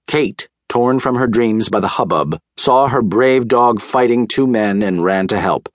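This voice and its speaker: A man narrating a children's audiobook in a measured, unhurried storytelling manner, on a close studio mic. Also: mid-range voice, no echo.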